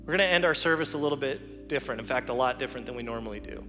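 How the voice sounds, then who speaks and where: A male teaching pastor giving an earnest sermon, telling a personal story and leading a quiet prayer, recorded in a church sanctuary. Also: mid-range voice, rapid-fire. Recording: church hall reverb with music.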